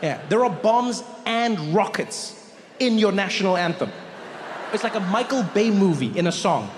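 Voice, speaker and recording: High-voiced South African comedian, animated. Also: male voice, normal speed, long reverb tail, slight background noise. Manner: animated, mocking, conversational. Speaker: stand-up comedian. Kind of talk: stand-up comedy set.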